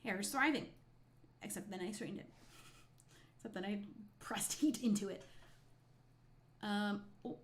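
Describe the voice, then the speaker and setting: A chatty woman from New Jersey with a light New York twang, streaming and reading her chat. She rambles from one thought to the next and laughs often, at a middling pitch. Her tone is relaxed and casual. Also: unhurried, long pauses, slight background noise. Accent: slight New York.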